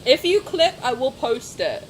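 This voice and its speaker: A young woman streamer giving casual, expressive gameplay commentary and swearing and joking as she plays. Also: high-pitched, a little slow, slight background noise.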